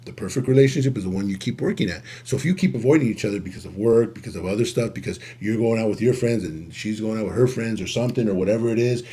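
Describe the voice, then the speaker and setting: A man's voice: lowish voice, fast talker, hardly any pauses, warm tone. A man co-hosting a casual podcast on relationships, talking with many fillers and repeating points as if preaching them. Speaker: podcast co-host.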